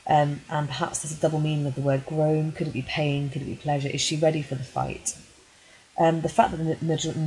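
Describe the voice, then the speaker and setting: A woman with a low voice talks through a poem as a teacher would, reading it first and then explaining it. She is measured and patient, with many small ums between points. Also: darkish tone, poor audio. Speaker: English teacher. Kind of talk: poetry analysis lesson.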